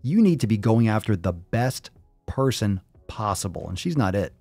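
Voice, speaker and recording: Male host, casual profane commentary, emphatic repeats; dark warm tone, dry close recording. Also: fairly low pitch, sing-song, normal speed, creaky, no echo, soft background music. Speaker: podcast host.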